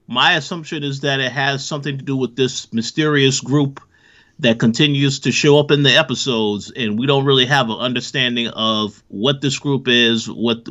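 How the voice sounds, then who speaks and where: A man with a bright, forceful tone gives hesitant, measured answers in a casual podcast chat. His sound comes through dull and a little lo-fi. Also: medium pitch. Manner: hesitant, measured replies with fillers. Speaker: podcast co-host. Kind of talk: casual discussion.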